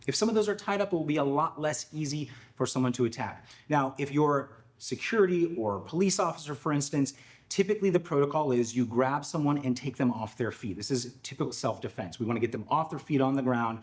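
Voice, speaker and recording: A man giving a calm, step-by-step self-defense demonstration lesson, often checking in with "okay?". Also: mid-range voice, fairly quick.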